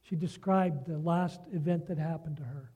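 A man's voice: a little high, moderate pace, mellow, husky. A man preaching a sermon, telling a prayer story and reading scripture, earnest and often asking his listeners rhetorical questions.

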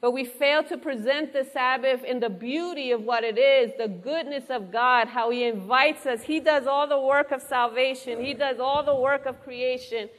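A woman's voice: sits high, moderate pace, few pauses. A woman preaching a sermon to a congregation, earnest and engaging, often asking the room questions. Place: church hall before a congregation. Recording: long hall reverb.

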